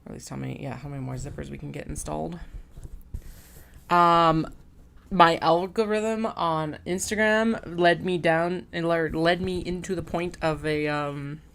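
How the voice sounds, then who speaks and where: Low-voiced chatty Western Canadian woman. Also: steady tone, moderate pace, creaky, fairly bright tone, smooth. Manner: rambling, chatty, frequent fillers and uptalk. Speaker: sewing livestream host. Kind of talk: casual livestream chat.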